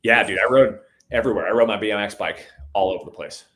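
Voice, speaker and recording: A man's voice: on the low side, fast talker, fairly bright tone. Laid-back man telling stories, "dude". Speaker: podcast guest. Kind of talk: casual storytelling chat.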